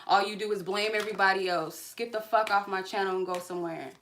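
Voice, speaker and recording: A woman's voice: mid-range voice, fairly even intonation, quick pace, fairly bright tone. A woman who hosts a tarot reading channel, angrily cursing at a viewer during a live stream in a confrontational, profane rant. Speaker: tarot card reader and channel host. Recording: clear background noise.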